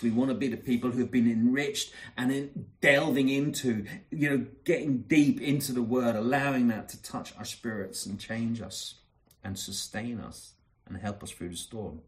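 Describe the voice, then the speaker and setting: A man delivering a sermon in a slightly low voice. He speaks earnestly, leans on repeated phrases for emphasis, and often falls quiet and soft between his stronger lines. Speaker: preacher.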